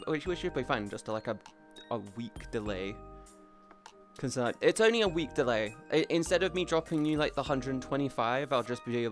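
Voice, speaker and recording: A young man rambles through a casual stream chat, tripping over his words and circling back to restart his sentences. His voice sits at an ordinary middle pitch, with faint music playing underneath. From England, near Bristol. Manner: rambling, self-interrupting, chatty. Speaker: livestreamer.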